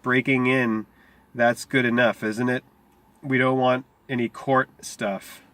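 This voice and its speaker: A man reading aloud as a teenage boy who leads a gang, lifting his questions higher with a sharp, scornful edge. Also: little pitch movement, slow.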